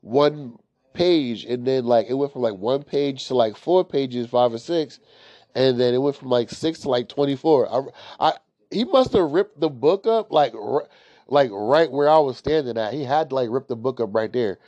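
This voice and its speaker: A man's voice: medium pitch, moderate pace, dark tone, no room sound. A young man telling a story in a casual, rambling way, swearing often and leaning on filler words. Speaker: storyteller host. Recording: dry, slightly dull lo-fi recording.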